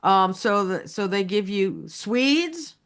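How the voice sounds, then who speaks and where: A woman's voice: medium pitch, big pitch swings, slow pace, fairly bright tone. A woman co-hosting a casual chat, telling stories with lots of laughter and restarts. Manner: chatty storyteller, laughs often, many restarts. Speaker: co-host.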